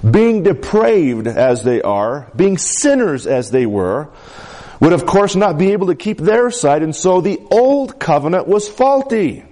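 A man's voice: fairly high pitch, very animated, measured pace, warm tone. A man preaching a sermon, stressing key words and calling out to his congregation for an amen. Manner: emphatic preaching with congregation call-outs. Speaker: pastor.

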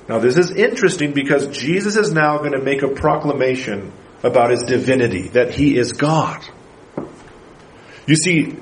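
A man's voice: a little high, rough recording. A male pastor preaching a sermon, reading scripture aloud and explaining it emphatically.

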